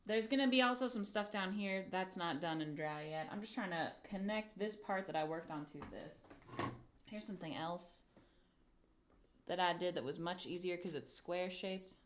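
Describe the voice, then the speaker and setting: A young adult woman mutters and swears through a live crafting stream, chatting with her viewers as she works and making fun of herself. Her voice sits on the low side, with slight background noise in the clip.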